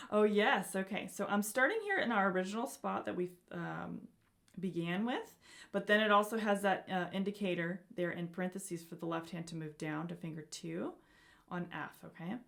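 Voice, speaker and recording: A woman's voice: medium pitch, normal speed, gravelly. A woman teaching a beginner piano lesson, speaking encouragingly and often checking in with "okay?" and "right?".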